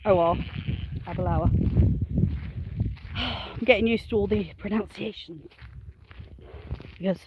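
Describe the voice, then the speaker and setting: A woman with a medium-pitched voice walks around her farm chatting cheerfully to the camera, against a noisy background. She runs a smallholding and vlogs outdoors, laughing frequently while addressing her animals and viewers.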